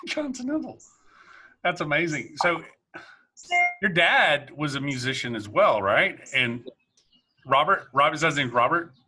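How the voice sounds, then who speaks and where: A man hosting a casual interview over a video call, chatty and quick to laugh. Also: fairly high pitch, animated, pushed and bright, slightly rough, faint music behind. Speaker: podcast host.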